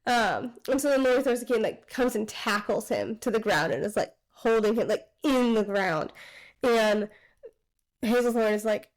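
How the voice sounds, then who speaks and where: A woman's voice: on the high side, normal speed, poor audio. A woman co-hosting a casual book podcast, eagerly retelling the plot and acting out the characters' lines. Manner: animated retelling with quoted voices, swearing. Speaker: podcast co-host.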